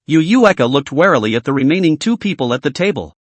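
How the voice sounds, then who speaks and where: Lively man narrating a story. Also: fairly high pitch, fast talker, dry recording. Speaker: recap narrator.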